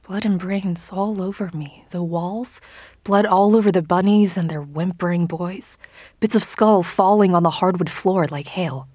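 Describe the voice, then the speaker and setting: A woman narrating a first-person story in an audiobook, in a hushed, often whispered, intimate delivery. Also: fairly low pitch, measured pace, slightly rough, no room sound.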